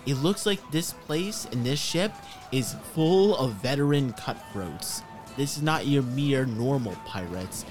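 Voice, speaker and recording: A man's voice: medium pitch, animated, a little slow, faint music behind. A man narrating a tabletop game as game master, casual with many fillers.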